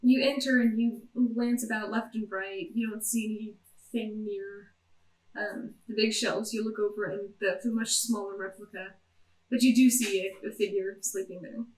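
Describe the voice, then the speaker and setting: A woman narrating a tabletop game as game master, slow and descriptive. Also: mid-range voice, fairly even intonation, reverberant, rough recording.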